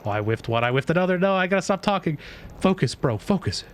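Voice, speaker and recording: A man streaming live, chatting casually while gaming, boastful and excitable, swearing freely. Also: a little high, quick pace, slight background noise.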